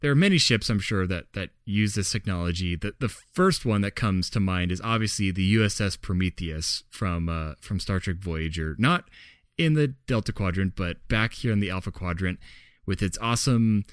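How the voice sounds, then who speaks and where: A man co-hosting a podcast in casual chat. His voice sits on the low side and is recorded dry and close. He talks loosely with fillers and laughs often. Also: expressive, moderate pace, no echo. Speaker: podcast co-host.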